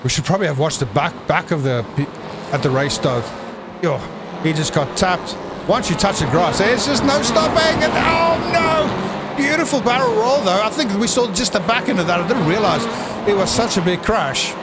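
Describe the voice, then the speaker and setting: A man giving jokey, excitable live commentary on a sim race, breaking into shouts at crashes. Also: on the high side, a little fast, very noisy.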